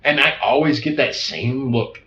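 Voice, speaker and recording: Animated man laughing through a film chat. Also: medium pitch, moderate pace, slight background noise. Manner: animated, laughs often, acts out scenes. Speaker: podcast co-host. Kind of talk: casual film review chat. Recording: echoey room, dull lo-fi sound.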